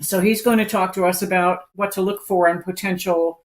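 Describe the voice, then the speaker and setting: A host opening a live talk show with a guest, speaking in a plain, measured way. The voice is of middling pitch, with a faint hiss in the background. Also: steady tone.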